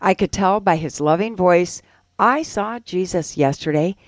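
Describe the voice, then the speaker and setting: A woman co-hosting a radio show, reading an ad and an inspirational piece with expressive delivery. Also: on the low side, measured pace, no echo. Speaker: radio co-host.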